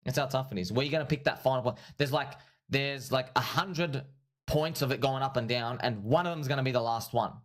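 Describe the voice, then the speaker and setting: An excitable man hosts a casual livestream, talking his viewers through crypto charts. He keeps circling back to the same points, calls the audience friends, and laughs at his own remarks. His voice sits in an ordinary middle range for a man. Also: medium pitch, fairly quick. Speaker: livestream host and crypto trader.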